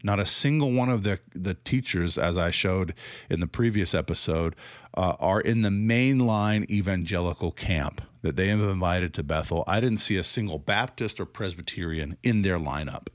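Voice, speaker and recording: A man from the American South with a Southern accent talks through a critical commentary in a lowish voice. He is sarcastic and laughs often, restarting his sentences as he goes. The sound is dry, with no room echo. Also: moderate pace. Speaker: commentator on church teaching.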